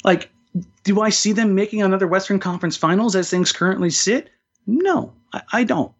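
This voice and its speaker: A man's voice: high-pitched, fairly quick. A man co-hosting a podcast, talking sports in a loose, jokey way with many restarts. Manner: talkative, jokey, frequent restarts. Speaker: podcast co-host. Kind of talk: casual sports chat. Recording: dull lo-fi sound.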